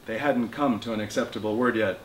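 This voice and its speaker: A man, the author, reading his novel aloud in measured narration at a bookshop. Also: lowish voice. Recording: roomy bookshop with faint noise.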